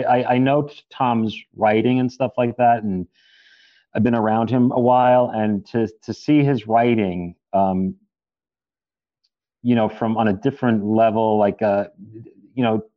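A man's voice: mid-range voice, no echo, dull audio. A man, an actor, chatting casually in an interview, rambling with many restarts and fillers.

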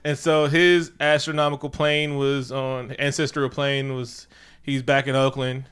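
A man casually recapping a movie with a friend, retelling scenes animatedly and jumping into exaggerated high-pitched voices for the characters. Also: level tone, a little slow, a bit bright, clear, resonant tone.

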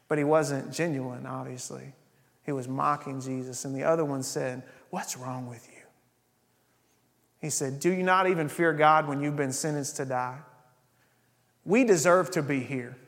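A man preaching in a church, his fairly high voice carrying a long hall reverb. He reads scripture aloud, then explains it, building to emphatic, urgent passages. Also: fairly bright tone. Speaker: pastor. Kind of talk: sermon. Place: church sanctuary.

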